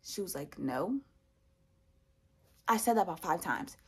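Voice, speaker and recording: A woman's voice: lowish voice, measured pace, slightly rough. A young woman telling a personal story in a vlog, acting out the voices of the people in it. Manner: animated, acts out other people's lines. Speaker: vlogger.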